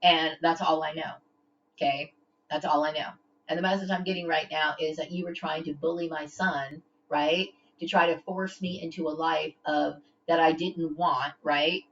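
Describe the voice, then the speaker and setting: Woman vlogger with a low voice, confrontational rant, constant "okay?", dull lo-fi sound. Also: steady tone, normal speed, fairly bright tone, slight background noise. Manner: confrontational, repeats "okay?" often; stammers and restarts when upset. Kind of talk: direct-to-camera rant. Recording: dull lo-fi home recording.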